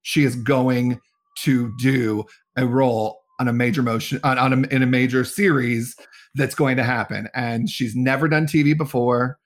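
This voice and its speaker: Man telling an animated story. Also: medium pitch, moderate pace. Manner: animated, acts out quoted dialogue. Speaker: talent agent. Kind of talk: casual storytelling interview.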